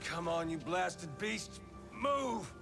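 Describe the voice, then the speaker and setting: A man's voice: high-pitched, expressive, slow, creaky, heavily acted. An actor playing a weary, grumbling male frontier local in a game, with an American Southern accent. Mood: gruff. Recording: game audio with music behind.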